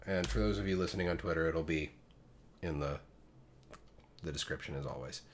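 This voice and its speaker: A man's voice: a bass voice, brisk, slight background noise. A young man co-hosting a casual gaming podcast, chatting and reading news items aloud. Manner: reads news items aloud in a mock news anchor voice. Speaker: podcast co-host.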